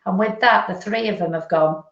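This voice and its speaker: A woman medium gives a live spiritual reading, her voice gravelly with fry. She relays messages gently and meanders, and the sound is dull and lo-fi in an echoey room. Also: medium pitch, normal speed.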